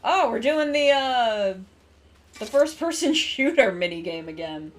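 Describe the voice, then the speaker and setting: A woman streamer chatting casually while playing, excitable and sweary. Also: a little high, unhurried. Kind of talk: casual live-stream gaming chat. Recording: stream with game music behind.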